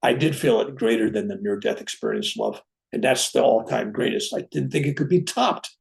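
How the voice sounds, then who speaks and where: A reverend telling a personal spiritual story, acting out what people said along the way. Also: male voice, medium pitch, moderate pace, creaky. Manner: animated, acts out dialogue in his own voice. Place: room at home with a bookcase.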